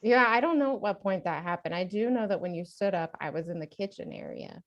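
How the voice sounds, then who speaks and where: A woman's voice: on the low side, lively intonation, a little fast. A woman podcast host in casual chat, reflective and often trailing off with fillers. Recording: dull lo-fi sound.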